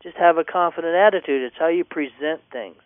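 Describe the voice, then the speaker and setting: A man with a fairly high voice speaks briskly on the telephone, offering dog training tips with confident instruction and recurring catchphrases. The line sounds tinny and dry.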